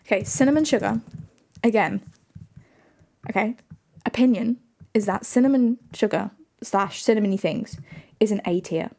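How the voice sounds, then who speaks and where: A woman's voice: medium pitch, moderate pace, long pauses, darkish tone. A woman streamer in casual livestream chat, playful, laughing often and answering her viewers.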